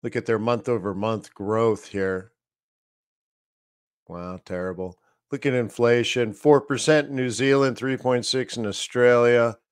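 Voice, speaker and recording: A man's voice: mid-range voice, fairly even intonation, moderate pace, hardly any pauses, clean tone, no echo, clean studio sound. A man hosting a live trading stream, casually talking through market charts and thinking aloud as he goes. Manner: casual, rambling, talks to himself while reading charts. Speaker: trading analyst host.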